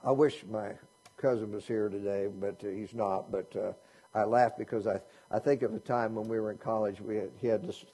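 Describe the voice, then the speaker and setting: A man delivers a sermon in a relaxed, conversational style, posing question after question to his listeners. His voice is warm and dark with a husky edge. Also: lowish voice, fairly quick. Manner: conversational preaching with rhetorical questions. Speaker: pastor.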